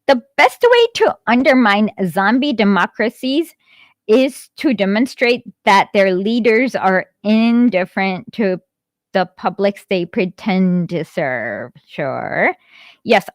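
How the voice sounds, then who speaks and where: Woman streamer, unhurried and giggly, hesitant delivery, dry close sound. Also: medium pitch, no echo. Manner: giggly, hesitant, lots of fillers. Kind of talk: impromptu livestream commentary. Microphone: phone streaming app.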